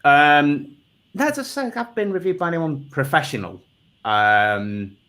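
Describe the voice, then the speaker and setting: A man's voice: a little high, lively intonation, slow pace, sharp tone. A man hosting a comedy panel show, rambling and self-deprecating with lots of ums.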